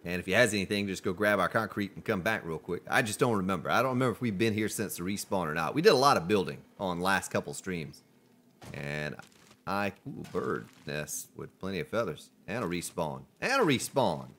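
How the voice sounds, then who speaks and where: While streaming a survival game, a man chats with his viewers, joking and commenting on his play. His voice sits low with a fairly bright tone, and he speaks briskly.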